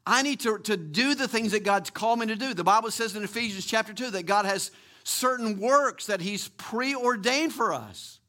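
A middle-aged man preaching a sermon, stressing and repeating key words and slowing down to drive a phrase home. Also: high voice, sharp tone. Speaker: pastor.

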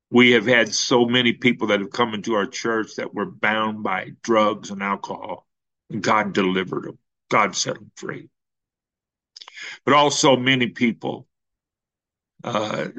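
A male pastor telling a story in a sermon, slow and halting with many fillers, then building to emphatic peaks. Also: medium pitch, pushed and bright, dull audio.

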